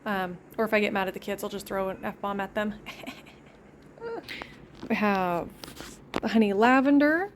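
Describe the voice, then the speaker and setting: A woman's voice: mid-range voice, moderate pace, long pauses, slight background noise. Chatty, easily sidetracked woman vlogging. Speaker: homesteading vlogger. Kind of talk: casual vlog chat. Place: indoors at home.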